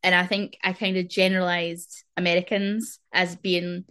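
A woman's voice: fairly low pitch, level tone, normal speed, fairly bright tone, smooth. A woman co-hosts a casual podcast. She talks in a chatty, rambling, apologetic way and drops in local slang. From Scotland. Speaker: podcast co-host. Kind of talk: casual chat.

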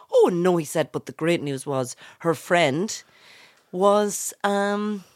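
A woman, co-hosting a podcast and telling an animated story, acting out the quotes. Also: a little slow, no room sound. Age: late 30s. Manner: animated, acts out quotes with big pitch jumps. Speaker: podcast co-host. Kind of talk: casual chat, storytelling.

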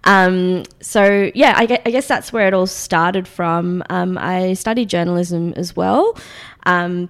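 Gravelly-voiced young Australian woman. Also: fairly low pitch. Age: 20s. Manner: chatty, frequent ums, laughs often. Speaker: guest, food magazine founder. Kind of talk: casual interview.

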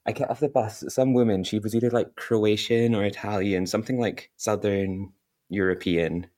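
A young Scottish man chatting on a podcast, on the lower side in pitch. He rambles through his anecdotes and laughs partway through his own sentences. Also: steady tone, normal speed, mellow. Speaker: podcast co-host. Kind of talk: casual chat.

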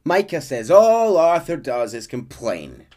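A man on a podcast, casually retelling a game's plot with lively bursts and fillers. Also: fairly high pitch, unhurried. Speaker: podcast host recapping a game story. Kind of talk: casual storytelling recap.

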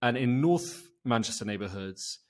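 A man from the south of England co-hosting a podcast, thinking aloud with hesitant pauses. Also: medium pitch, expressive, darkish tone. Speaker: podcast co-host. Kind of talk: casual chat.

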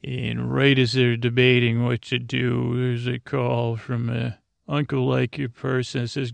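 A man hosting a podcast, telling a rambling bedtime story in a meandering, stumbling, deliberately dull way. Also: medium pitch, flat delivery, vocal fry, no echo. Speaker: podcast host.

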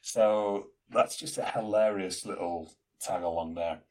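A man co-hosting a podcast, chatting casually in an animated, rambling way with plenty of fillers. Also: sits low, measured pace. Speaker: podcast co-host. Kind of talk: casual chat.

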